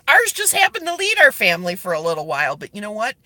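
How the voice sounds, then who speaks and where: A woman's voice: medium pitch, wildly swooping pitch, fairly quick, bright, forceful tone, no echo. A woman livestreaming to her online group, talking earnestly and pleading directly with her viewers as she answers their comments. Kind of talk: casual live video chat, reading viewer comments.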